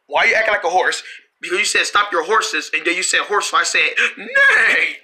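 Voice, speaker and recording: A cartoon creator voicing every character in a family road-trip cartoon, with frequent shouting and screams. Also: mid-range voice, quick pace. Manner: shouting and screaming often, animated. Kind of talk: one-person cartoon dialogue.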